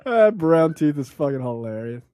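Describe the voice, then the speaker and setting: Guy riffing on a movie podcast, cussing and laughing a lot, kinda high voice, dry close mic. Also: sing-song, moderate pace, mellow, no echo. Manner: profane, laughing, loose. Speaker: podcast co-host. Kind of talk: casual film-review banter.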